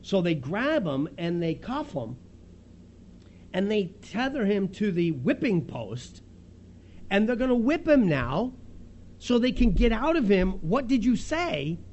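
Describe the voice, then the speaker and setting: High-voiced man preaching a lively sermon. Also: unhurried, pauses often, lo-fi sound, a little hiss or hum. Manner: lively storytelling, acts out the scene with chuckles. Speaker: pastor.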